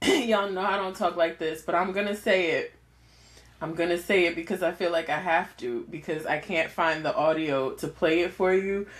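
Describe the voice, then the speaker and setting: A woman's voice: lowish voice, normal speed. A woman co-hosting a podcast, chatting casually and animatedly, often laughing as she tells a story. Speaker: podcast co-host.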